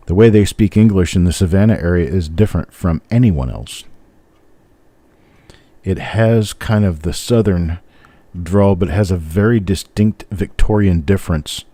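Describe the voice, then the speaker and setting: A man's voice: sits low, normal speed, dark tone, dry recording. An older man with a general American accent, hosting a live stream and chatting casually with viewers in a rambling, easygoing way. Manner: rambling, easygoing, chuckles often. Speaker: host of a live coin roll hunt stream.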